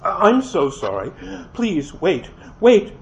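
A man's voice: high-pitched, huge pitch swings, takes it slowly, exaggerated voice. A man doing a flustered, pleading mother. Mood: distraught, pleading. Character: distraught mother at a family dinner. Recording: dull lo-fi with faint hiss.

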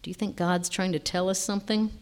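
A woman voicing a preachy schoolboy who quotes scripture, in a slow, preachy delivery. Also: mid-range voice, steady tone, close to an everyday voice. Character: preachy boy student quoting scripture.

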